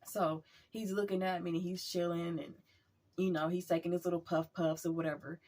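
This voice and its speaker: Woman vlogger, husky voice, chatty storyteller. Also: fairly low pitch, a little fast. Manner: chatty, animated retelling with acted quotes. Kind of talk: casual storytelling.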